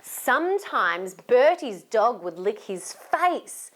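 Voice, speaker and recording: A woman with an Australian accent, a children's entertainer reading a picture book aloud, animated and asking young listeners to join in. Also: medium pitch, slow, hardly any pauses. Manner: animated, asks young listeners questions and invites them to join in.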